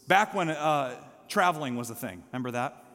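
A man's voice: mid-range voice, lively intonation, normal speed, fairly bright tone, long reverb tail. A male pastor preaching a sermon in a church sanctuary, impassioned and building to calls for response.

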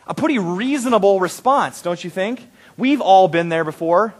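A man's voice: high-pitched, expressive, moderate pace. A man preaching a sermon in a conversational way, asking the congregation questions and acting out quoted prayers with rising intensity. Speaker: pastor.

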